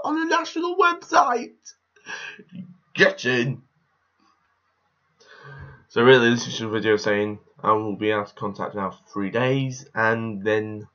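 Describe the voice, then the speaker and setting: A man's voice: lowish voice, a bit bright, dull audio. A young man vlogging casually, rambling with frequent restarts and self-corrections. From England. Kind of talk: casual daily vlog to camera.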